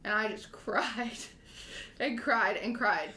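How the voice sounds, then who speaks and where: Young woman podcast co-host, mid-pitched voice, casual chat with rambling, emotional storytelling. She laughs easily and gets carried away by her own story. The sound bounces around a roomy, echoey space. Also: slow, pushed and bright. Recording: echoey room.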